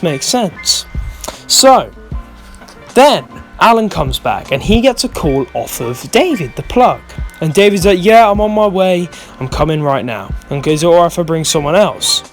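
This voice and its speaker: A young man telling a rambling, swear-filled storytime in a vlog, often losing his thread. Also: sits high. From United Kingdom. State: stoned. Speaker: vlogger.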